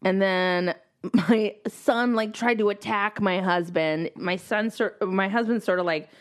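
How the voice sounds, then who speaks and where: A woman talking casually among friends at a middle pitch. She rambles as she goes and fills her sentences with "like.". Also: a little slow. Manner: rambling, full of "like". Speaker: mother and guest.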